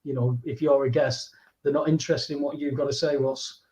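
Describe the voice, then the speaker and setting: A man's voice: medium pitch, level tone, brisk, dark tone, rough recording. A man, a guest on a casual show, chatting in a digressive way with many fillers. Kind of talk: casual chat.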